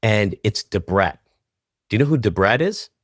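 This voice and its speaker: A man from Canada with a low voice, recorded close with a dry sound. He tells an interview story with lots of energy and acts out both sides of old phone calls. His voice shoots up high whenever the excitement comes back to him. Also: normal speed, dry recording. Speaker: guest choreographer.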